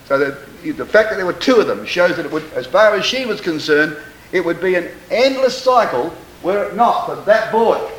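A man delivering a sermon with a fairly high, very lively voice that swoops up and down. He leans hard on chosen words and slows right down on them, and he reads scripture in a stately, measured cadence. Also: echoey room, a little hiss or hum, rough recording. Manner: emphatic, slow deliberate stresses on words. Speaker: preacher.

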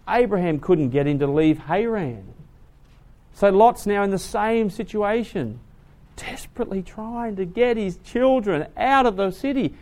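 A man preaching a sermon, retelling a story dramatically, swinging from hushed to loud. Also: high voice.

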